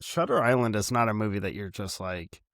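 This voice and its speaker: A man co-hosting a film podcast in casual chat, animated and laughing often, talking in long run-on thoughts. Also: lowish voice, fairly quick, no echo, studio quality. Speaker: podcast co-host.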